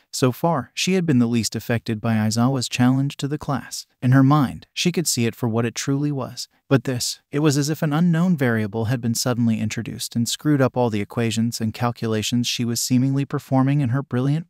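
A man giving a steady scripted narration of a fan fiction story. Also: mid-range voice, brisk, hardly any pauses, dry recording, studio quality.

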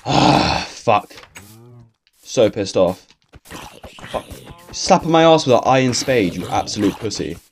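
A man's voice: fairly low pitch, sing-song, slow pace, pauses often, faint music behind. A young man, talking through a game in a casual, swear-filled, grumbling ramble. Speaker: gaming YouTuber. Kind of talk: casual let's-play commentary.

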